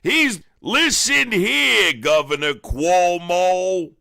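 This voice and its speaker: A hoarse man doing an impression of a loud, bossy older male New York politician, stretching his words out slowly and hectoring. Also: sits high, animated, dry recording, clean studio sound, pitched above the performer's own voice, heavily acted. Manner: slow, drawn-out, hectoring.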